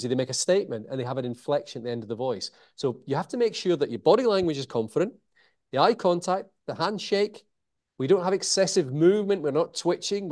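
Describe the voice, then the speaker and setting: A man, a guest in an interview, explaining communication techniques in an animated way, changing his pace and pausing for emphasis. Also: a little high. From Scotland. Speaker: communication author and trainer.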